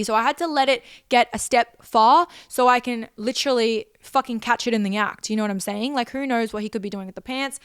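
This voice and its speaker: A woman's voice: a little high, clean tone, dry recording, clean studio sound. A young Australian woman telling a personal story with intense, profane emphasis and repeated phrases. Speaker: vlogger.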